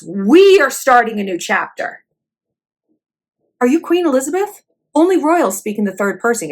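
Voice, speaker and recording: Woman vlog host, high-ish and bouncy, sarcastic, profane, full of quoted voices. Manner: animated, with voices for quoted people. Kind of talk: pop-culture commentary vlog.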